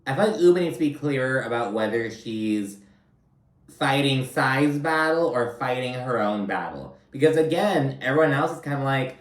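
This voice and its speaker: A man's voice: medium pitch, animated, moderate pace, far from the mic. Blunt, profane man recapping reality TV. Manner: blunt, profane, filler-heavy chatter. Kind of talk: casual recap commentary. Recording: roomy, from off-mic.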